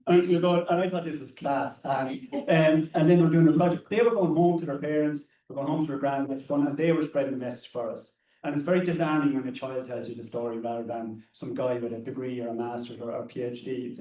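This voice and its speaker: A man's voice: medium pitch, fast, hardly any pauses, mellow. An Irish man on a discussion panel, telling stories in an anecdotal way and often repeating words as he goes. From Ireland. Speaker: conservationist panelist. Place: hall or seminar room. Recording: roomy, distant mic.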